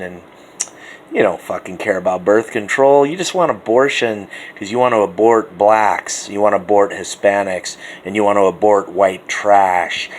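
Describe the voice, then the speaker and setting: A man's voice: fairly low pitch, a little hiss or hum. A man hosting a talk radio show, delivering a profane, sarcastic political rant that taunts his listeners. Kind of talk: ranting political call-in monologue.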